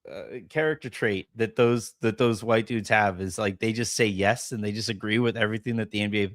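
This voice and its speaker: A young man hosting a casual sports podcast, sarcastic and quick to laugh. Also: fairly low pitch, fairly even intonation, dry recording, studio quality. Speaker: podcast host.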